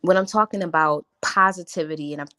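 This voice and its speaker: A young adult woman coaching on a live stream, talking in an animated way and leaning hard on positive words. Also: fairly low pitch, fast talker. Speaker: life coach.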